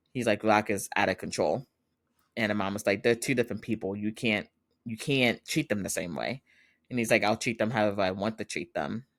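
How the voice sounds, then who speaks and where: Man casually recapping a drama episode. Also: fairly low pitch. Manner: animated retelling, acting out quoted lines and laughing often. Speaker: podcast host.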